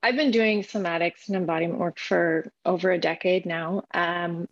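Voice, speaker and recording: Calm woman guest on slightly muffled audio. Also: medium pitch. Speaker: guest, sex educator. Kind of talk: interview answers.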